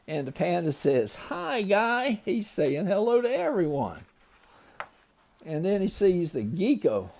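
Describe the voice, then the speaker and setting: A man's voice: fairly high pitch, very animated, measured pace, warm tone, a little hiss or hum. An older man, a grandfather, loosely retelling a children's story to a grandchild, ad-libbing with small slips.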